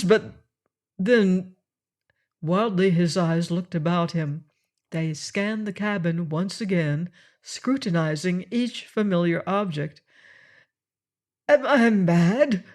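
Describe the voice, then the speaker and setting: A man voicing a bewildered Spanish pirate captain, a prisoner who exclaims in alarm and anguish. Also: high-pitched.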